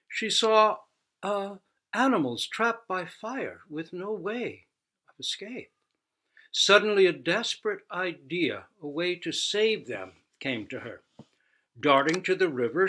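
A man who teaches Zen, telling a fable slowly and expressively. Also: on the high side. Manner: slow, expressive storytelling. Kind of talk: storytelling talk.

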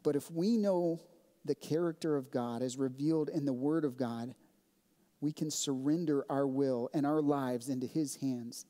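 Warm-voiced man preaching a sermon. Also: medium pitch. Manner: earnest, measured preaching. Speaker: pastor. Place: church sanctuary. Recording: long reverb of a church hall.

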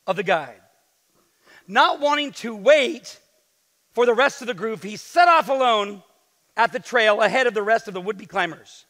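A man preaching a sermon as pastor, lively and joking with playful asides to the congregation. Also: high voice. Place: church sanctuary. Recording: long hall reverb in a church.

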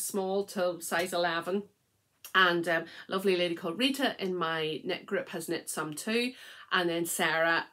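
A middle-aged woman talks to camera at home in a relaxed, rambling way. Her voice sits a little low. She fills pauses with ums and laughs easily. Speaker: knitting podcast host. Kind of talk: casual chatty vlog.

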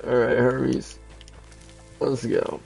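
A man's voice: mid-range voice, little pitch movement, very slow, gravelly, a little mellow, slightly rough, faint music behind. A man giving casual, profane commentary while playing a game, talking trash at the characters on screen. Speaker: gamer.

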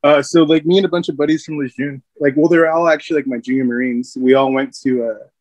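A man's voice: fairly high pitch, steady tone, fast talker, a little mellow, no room sound. A man, a Marine veteran, casually telling stories from his service, rambling with many fillers and frequent laughs. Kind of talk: casual storytelling.

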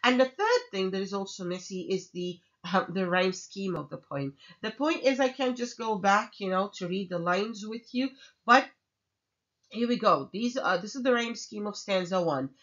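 A woman's voice: mid-range voice, animated, normal speed, fairly bright tone. A woman giving a literature lecture in a chatty way, with many fillers and frequent "okay?" checks. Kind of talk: recorded online lecture. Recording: slightly dull lo-fi audio.

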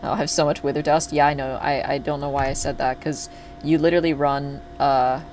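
Playing a video game on stream, a man addresses his viewers chattily and curses freely when he gets upset. His voice is fairly high and a little mellow, delivered flatly and fairly quickly over slight background noise.

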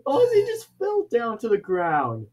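A man giving excitable gameplay commentary, laughing often and shouting his reactions at the game. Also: very high-pitched, measured pace. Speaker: let's play gamer. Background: game music.

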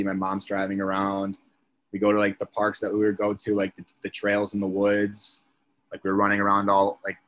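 A man's voice: on the low side, fairly bright tone. A young man, a podcast guest, telling a story in casual chat, leaning on "like" as a filler. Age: young adult. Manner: chatty, filler-heavy, leans on "like".

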